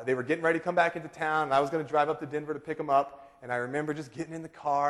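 A man in his thirties preaching a sermon, telling a lively story and acting out quotes in high voices. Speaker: pastor. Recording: long reverb of a large hall.

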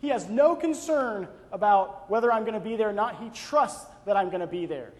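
Fairly quick and expressive, a young man's high-pitched voice carries a devotional talk told through personal anecdotes. He speaks in a conversational way, often adding a tag "right?", and the recording has the long reverb of a large hall.

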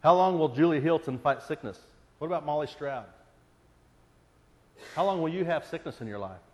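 A man's voice: on the high side, expressive, moderate pace, darkish tone. A man preaching a sermon in an earnest voice that presses into pleading questions. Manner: earnest, rising to pleading intensity on repeated questions. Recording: long hall reverb.

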